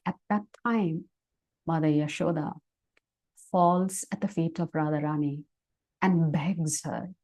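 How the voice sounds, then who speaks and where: Warm-voiced woman telling a devotional story. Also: deep voice. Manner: animated storytelling, then slower reflective teaching. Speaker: devotional speaker. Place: online class session. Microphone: video call.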